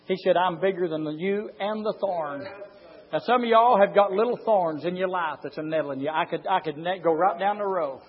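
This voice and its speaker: A man preaching a fiery sermon, swinging from low, close talk to drawn-out shouted lines. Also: muffled recording. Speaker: pastor.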